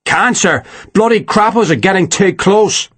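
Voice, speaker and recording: A man doing a blunt rough-spoken soldier. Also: high-pitched, lively intonation, measured pace, a bit bright, voice pushed up, heavily acted.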